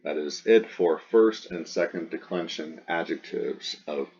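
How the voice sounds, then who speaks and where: Slow deep-voiced man teaching grammar. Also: darkish tone, highs cut off. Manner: chants paradigm forms in a rising sing-song, explains patiently. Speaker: Greek language teacher. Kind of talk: recorded grammar lesson.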